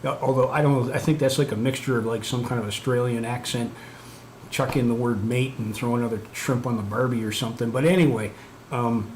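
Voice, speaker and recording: A man's voice: medium pitch, steady tone, a little fast. A man hosting a casual livestream, rambling and self-mocking with lots of fillers and restarts. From Canada. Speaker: livestream host. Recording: echoey room, faint background noise.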